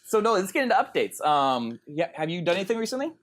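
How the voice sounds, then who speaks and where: A man in his thirties with a fairly high voice chats on a podcast. He tells a long story in a loose, rambling way, full of ums and uhs. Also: very animated, fast, a bit bright. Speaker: podcast co-host. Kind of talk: casual podcast chat.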